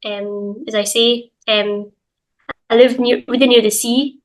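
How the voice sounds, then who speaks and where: Chatty Glaswegian woman, fairly high voice. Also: steady tone, unhurried, low-quality recording. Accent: Glaswegian Scottish. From Scotland, Glasgow. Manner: chatty, many fillers and hedges. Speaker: guest, English teacher. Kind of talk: casual interview chat.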